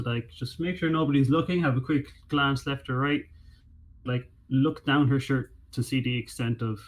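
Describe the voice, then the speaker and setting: A man's voice: mid-range voice, poor audio. A man playing a tabletop game, talking casually about his character's actions. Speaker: player.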